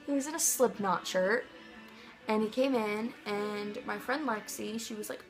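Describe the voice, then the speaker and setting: A young woman from Missouri telling a rambling, excitable vlog story, full of "like" and "um". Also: medium pitch, moderate pace, creaky, faint music behind, poor audio. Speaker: vlogger.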